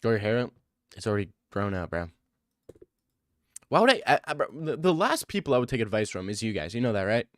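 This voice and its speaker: A man's voice: lowish voice, very animated, brisk, long pauses, fairly bright tone, no echo, studio quality. A young man streaming live, answering his chat with defensive, joking replies and a lot of "bro.". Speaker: livestreamer reading chat. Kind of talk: casual livestream chat.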